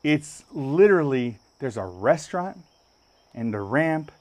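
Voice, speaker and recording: A man hosting a podcast, telling a story with lots of energy and jumping up high when he acts out other people's lines. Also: very animated, measured pace, darkish tone. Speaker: podcast host. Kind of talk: animated storytelling. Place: podcast studio.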